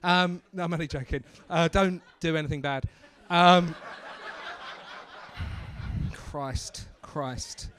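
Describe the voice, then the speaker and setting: A man's voice: fairly high pitch, fairly even intonation, slow, pauses often, fairly bright tone. A man working as a comedy club MC, doing brash, teasing crowd work on stage and swearing freely into a handheld mic.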